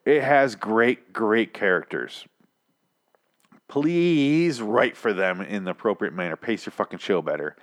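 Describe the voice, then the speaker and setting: An exasperated young man rants through a TV episode review, cursing freely and mocking the writers in put-on voices. His pitch leaps up and down in lively swings. Underneath he sounds tired and achy, with a drink in him. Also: unhurried. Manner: profane, exasperated ranting with mocking impressions. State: tired, achy after whiskey. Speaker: podcast host.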